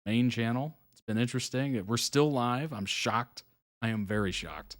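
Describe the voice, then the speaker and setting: A man's voice: mid-range voice, moderate pace. A man hosting a live reaction stream, chatting casually and laughing often between remarks. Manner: relaxed, chatty, reads viewer comments aloud; frequent soft laughs and fillers.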